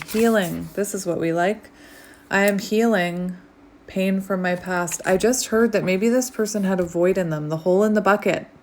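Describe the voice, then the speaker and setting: Chatty tarot reader woman, low-pitched. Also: a little hiss or hum. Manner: chatty, rambling, many fillers, drifts into soft near-whispers. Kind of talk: casual channeled tarot reading. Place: home, outdoors light fading.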